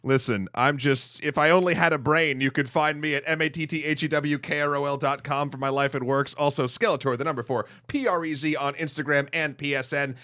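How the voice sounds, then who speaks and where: A male podcast host with a somewhat high voice who banters easily with his co-hosts and keeps the show moving. His talk is loose and jokey, with playful asides. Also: steady tone, brisk, few pauses, sharp tone. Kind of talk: casual podcast chat.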